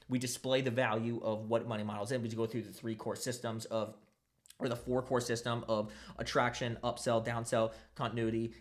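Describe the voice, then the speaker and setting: A young man talking in a casual, animated way as he walks through a sales strategy. He fills his talk with "right?" and "you know". When he acts out what others said, his voice climbs higher. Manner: filler-heavy, says "right?" a lot. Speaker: online business creator. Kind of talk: casual video breakdown.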